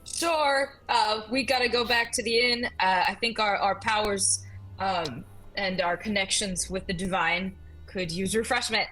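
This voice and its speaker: A woman's voice: medium pitch, a little slow, sharp tone, poor audio. A woman player in a tabletop game who narrates her character's actions and laughs often. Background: faint music.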